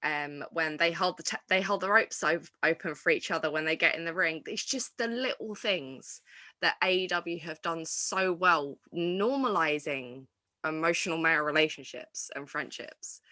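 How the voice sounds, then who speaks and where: A woman's voice: deep voice, moderate pace, pushed and bright, no echo. A woman hosting a wrestling review show, chatting casually and enthusiastically, rambling with restarts and fillers. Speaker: wrestling podcast host.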